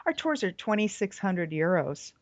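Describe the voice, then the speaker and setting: A woman's voice: lowish voice, sing-song, moderate pace, no room sound. Chatty woman tour guide on a dull line. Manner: chatty, lists items with many fillers. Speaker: tour company owner, podcast guest. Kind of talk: casual chat.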